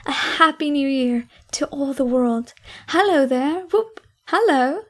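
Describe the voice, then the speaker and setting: A woman's voice: sits high, fairly even intonation, a little slow, fairly bright tone. A woman voicing an overjoyed, repentant old miser in an audiobook, talking in fervent, breathless exclamations. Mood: ecstatic. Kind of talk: audiobook character reading.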